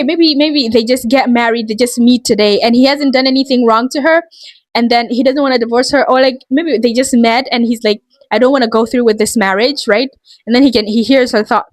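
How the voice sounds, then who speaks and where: Woman vlogger venting, rambly and fed up, kinda high voice, dry close sound. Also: no room sound. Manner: rambling, exasperated, heavy use of "like". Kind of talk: casual ranting commentary.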